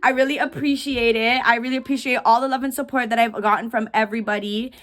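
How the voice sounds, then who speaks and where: A woman in her twenties talking to camera at home, rambling and candid with slang and dark jokes. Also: a little high, fairly even intonation, fast. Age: 20s. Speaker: vlogger, widow. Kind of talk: casual talk to camera. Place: home room.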